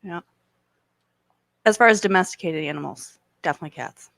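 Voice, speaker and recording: A woman's voice: lowish voice, fairly quick, vocal fry, a bit bright, dry recording, studio quality. A woman being interviewed as a guest in a casual chat, light and easygoing with frequent laughter. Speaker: guest, political candidate.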